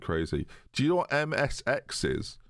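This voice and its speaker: A young man chatting away to his stream viewers. His pitch swings up and down a lot as he jokes and riffs. The sound is dry and close, with no room echo. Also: very animated, normal speed, a bit bright. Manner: chatty, jokey, reads chat aloud. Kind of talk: casual live-stream chat with viewers.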